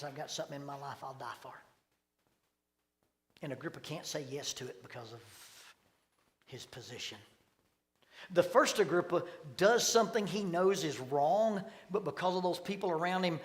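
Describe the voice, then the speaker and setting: A middle-aged man preaching a sermon, telling stories and acting out voices with sudden loud bursts. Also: sits high. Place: church sanctuary. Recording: long hall reverb.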